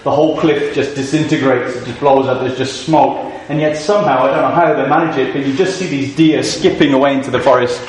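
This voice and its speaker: A man's voice: medium pitch, steady tone, fairly quick, hardly any pauses. A man preaching a sermon at a family camp, earnest and storytelling, using rhetorical questions. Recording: echoey room, faint noise.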